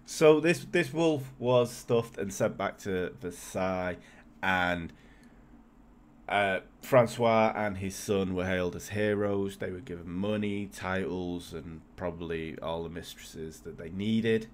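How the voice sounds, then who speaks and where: A man's voice: low voice, takes it slowly. A man, co-hosting a podcast and telling a history story in a loose, jokey way. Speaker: podcast co-host. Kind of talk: casual storytelling chat.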